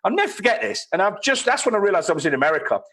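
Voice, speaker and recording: A man's voice: racing, creaky, poor audio. A man with an English accent, a guest musician telling tour stories in casual, swearing chat on a live stream. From England. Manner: animated, swears freely, acts out quoted lines with big pitch jumps.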